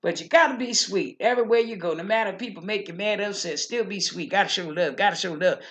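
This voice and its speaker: A woman's voice: medium pitch, fast talker, fairly bright tone, lightly acted. A woman voicing a chatty older church lady who rambles, repeats herself and preaches about living right. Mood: folksy preaching. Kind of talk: character monologue.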